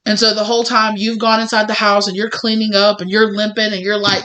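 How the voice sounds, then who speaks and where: A woman with a bright, clear tone talks through a spiritual tarot reading. She rambles in a conversational way, leaning on fillers and slipping into small acted-out exchanges. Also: mid-range voice, level tone, brisk, few pauses. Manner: rambling, conversational, full of "you know" and acted-out mini dialogues. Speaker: tarot reader.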